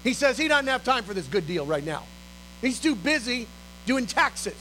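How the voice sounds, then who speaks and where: A man preaching, telling a story in an animated way and acting out the voices of the people in it. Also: extremely high pitch, moderate pace, slight background noise, poor audio. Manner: animated, acts out dialogue and sometimes shouts. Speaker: pastor. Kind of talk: storytelling sermon.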